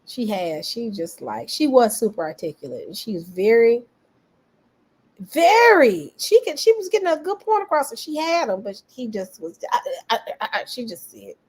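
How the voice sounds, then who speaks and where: A woman giving casual political commentary, animated and talking straight to her viewers. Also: fairly high pitch, normal speed, breathy edge, low-quality recording. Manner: animated, talks back to viewers, quotes others in voices.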